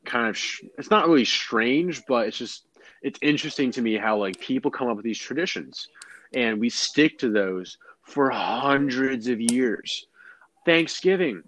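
A man's voice: medium pitch, measured pace. Chatty rambling American man. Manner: rambling, animated, lots of fillers and restarts. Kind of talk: casual chat.

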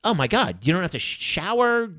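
Brief: quick-talking male podcast host with a bright, forceful tone, enthusiastic and chatty. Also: sits high, sing-song, no room sound. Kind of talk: casual chat.

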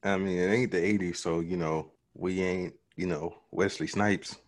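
A man with a fairly low voice co-hosting a casual podcast. He talks in a relaxed, easygoing way. He brings in news items by reading them out. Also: normal speed. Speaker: podcast co-host. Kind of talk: casual chat.

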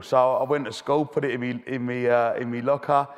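A man's voice: medium pitch, flat delivery, a little fast, hardly any pauses, smooth. Man, cheeky chatty storyteller, guest in a debating hall, long reverb. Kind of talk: telling anecdotes in interview.

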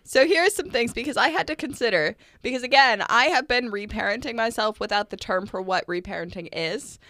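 A young adult woman co-hosting a casual podcast, talking in an earnest, reflective way and quick to laugh. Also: a little high, fairly bright tone, no room sound, studio quality. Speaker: podcast co-host.

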